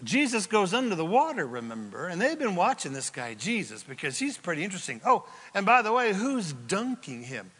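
High, bright-voiced pastor preaching in a reverberant hall. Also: male voice, brisk, hardly any pauses, husky. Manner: lively, jokey storytelling with acted-out quotes. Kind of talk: sermon. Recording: long hall reverb from a large room.

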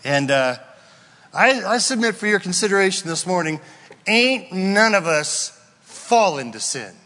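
A man preaching in a church, his voice high and swinging widely in pitch as he acts out little voices and asides. He sounds bright and forceful, and a long reverb trails each phrase through the sanctuary. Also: sing-song, a little slow. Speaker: pastor. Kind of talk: sermon.

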